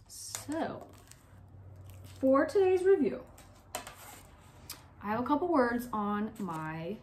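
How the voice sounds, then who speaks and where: A young woman teaching phonics to young children in a recorded lesson. Her voice sits a little high, and she talks slowly and clearly, asking questions, pausing for answers and encouraging her pupils. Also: a little mellow, slight background noise. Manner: slow, clear, encouraging teacher talk, asks questions and pauses.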